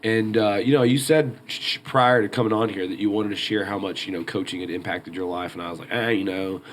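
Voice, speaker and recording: A man's voice: fairly low pitch, steady tone, brisk, slight background noise. A man hosting an interview, casual and joking as he prompts his guest. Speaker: host. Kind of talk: interview conversation.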